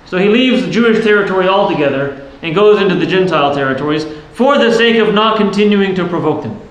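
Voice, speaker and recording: A man's voice: sits high, fairly bright tone. A man preaching a sermon as a priest, earnest and explanatory, often asking the listeners questions. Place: church. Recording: very echoey church with faint noise.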